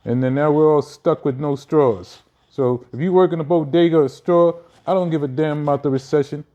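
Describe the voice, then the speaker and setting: A young man doing casual comedic commentary, animated and quick to slip into acted voices and asides. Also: on the high side, muffled recording. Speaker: comedian vlogger.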